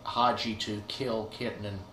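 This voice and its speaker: A man's voice: on the low side, level tone, a little slow, a bit bright. A man who directed the film, chatting through a commentary, pointing out scenes and laughing often. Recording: roomy echo, faint hiss.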